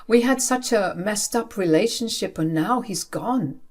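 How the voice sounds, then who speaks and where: A man's voice: high voice, lively intonation, a little slow. A woman voicing a grieving young man who is angry at his late father and confides in a broken, pained way. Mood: distraught.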